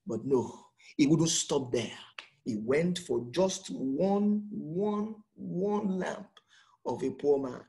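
A man preaching a sermon, acting out quotes and swinging between shouts and hushed lines, repeating words for emphasis. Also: fairly high pitch, big pitch swings, takes it slowly. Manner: dramatic, swings from loud to hushed, acts out quotes.

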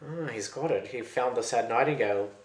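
A sly young rival who coaxes and schemes, speaking as a storyteller puts him on. The voice rings in a roomy space with clear echo. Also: male voice, medium pitch, fairly quick, natural voice. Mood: scheming.

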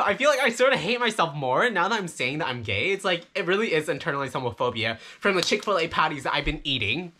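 A flamboyant young man talks straight to his viewers in a campy, foul-mouthed confessional vlog. His voice is bright and forceful, and his pitch swoops all over as he jokes. He sounds excited and playful throughout. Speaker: vlogger.

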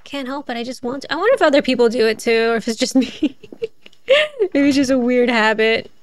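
A woman's voice: a little high, brisk. A woman streaming a game, chatting casually as she plays, thinking aloud and laughing often. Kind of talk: casual gameplay commentary.

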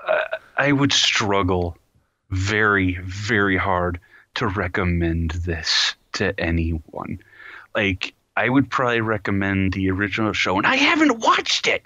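A man co-hosting a podcast in casual chat, ranting in an animated, exasperated way with sighs. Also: low-pitched, a little slow, dry recording, dull audio. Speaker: podcast co-host.

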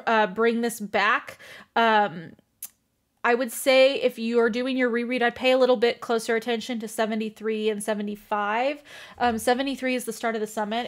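A woman hosting a book club channel, gushing and fangirling as she recaps chapters in a casual way. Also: fairly high pitch.

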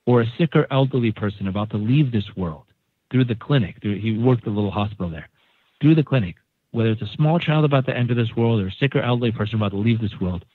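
A man's voice: medium pitch, slightly rough, dry recording. A man from San Diego telling a story as a podcast guest, acting out the people in it. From San Diego, United States. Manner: animated storyteller, acting out quoted voices. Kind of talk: casual storytelling. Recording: dry, phone-like narrow sound.

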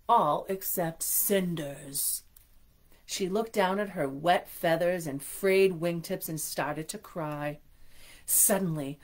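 A woman hosting a storytime and reading a picture book aloud, breaking into gushing, chatty asides. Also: medium pitch. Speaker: storytime host.

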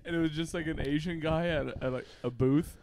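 A man's voice: on the high side, steady tone, fairly quick, a little mellow, slight background noise. Giggly man chatting on a podcast. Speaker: podcast co-host. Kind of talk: casual chat.

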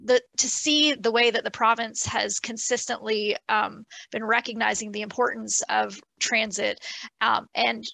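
Earnest woman on a video call, gravelly voice. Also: on the high side, fairly even intonation, measured pace, pushed and bright, low-quality recording. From Nova Scotia, Canada. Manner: earnest, with many "um" fillers. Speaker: awardee and panelist from a rural transit group. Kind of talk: virtual panel answer.

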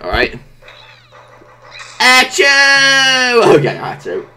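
A woman giving gameplay commentary, exclaiming and reacting loudly to what happens in the game. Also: low-pitched, sing-song, takes it slowly. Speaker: let's play gamer.

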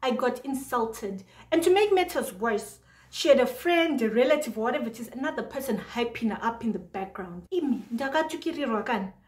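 A young woman from Zimbabwe tells a story from her life in a casual vlog, acting out both sides of a phone argument in lively voices. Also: on the high side, normal speed, echoey room. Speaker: vlogger.

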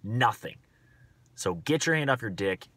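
A man's voice: medium pitch, lively intonation, unhurried, fairly bright tone, no echo. Blunt, swearing young man ranting. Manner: blunt, profane, rambling with many fillers. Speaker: vlogger. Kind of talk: casual rant to camera.

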